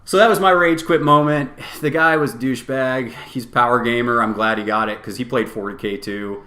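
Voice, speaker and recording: A man's voice: medium pitch, fairly quick. Man telling a heated gaming story. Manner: animated, profane storytelling with quoted back-and-forth. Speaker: podcast co-host. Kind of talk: casual storytelling chat. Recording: roomy echo.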